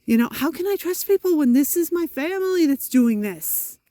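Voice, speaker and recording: A woman's voice: sits high, animated, normal speed, warm tone, no room sound. A middle-aged woman vlogging outdoors while walking in the rain, talking into a phone in a frustrated, emphatic way. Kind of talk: walking vlog monologue.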